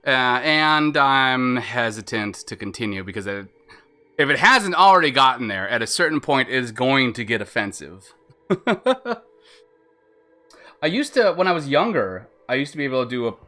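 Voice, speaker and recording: Male game streamer, bright tone, loose self-mocking chatter with casual swearing. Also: mid-range voice, expressive, moderate pace. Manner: rambling, chatty, laughs at himself. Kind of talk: casual live-stream commentary.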